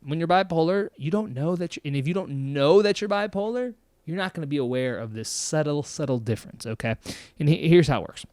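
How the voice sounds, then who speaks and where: A man hosting a mental health show, talking casually to his viewers in an energetic, emphatic way and laughing often. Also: a little high, brisk. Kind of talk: casual monologue to camera.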